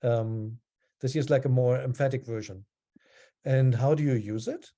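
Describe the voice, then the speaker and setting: Relaxed man teaching a class online. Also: medium pitch, moderate pace. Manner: relaxed, explanatory, with frequent ums.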